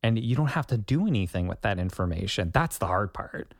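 A man's voice: fairly low pitch, lively intonation, a little fast, no room sound, clean studio sound. A man co-hosting a podcast, talking casually and playfully with homely analogies. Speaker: podcast co-host.

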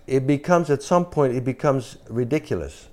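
A man's voice: mid-range voice, moderate pace, a little mellow. A man leading an informal spiritual talk, pressing his listeners with repeated questions and emphatic asides. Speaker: spiritual teacher.

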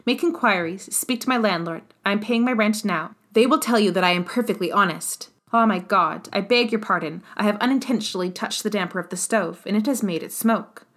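A desperate young seamstress pleads in a feverish rush, as a woman reading a classic novel voices her. Her voice sits at an ordinary middle pitch. She sounds imploring and worn down by misery. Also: fairly quick, hardly any pauses, fairly bright tone, natural voice.

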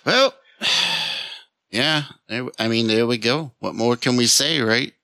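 Bright, dry-sounding man in easy movie chat. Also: mid-range voice, slow pace, dry recording. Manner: easygoing, agreeable, casual swearing. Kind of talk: casual movie review chat.

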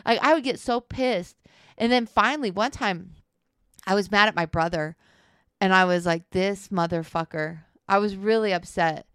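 A woman co-hosting a casual chat about her relationship, animated and laughing, swearing freely as she tells stories. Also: medium pitch, moderate pace, smooth, no echo, studio quality. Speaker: co-host.

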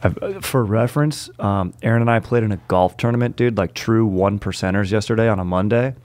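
Laid-back bro-talking man, low voice. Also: a little fast. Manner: laid-back bro slang, animated storytelling. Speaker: podcast host. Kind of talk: casual chat.

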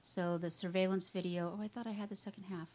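A woman's voice: lowish voice, fairly even intonation, fast, mellow. A woman co-hosting a podcast, reading out crime stories with wry, sarcastic asides in casual chat. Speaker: podcast co-host.

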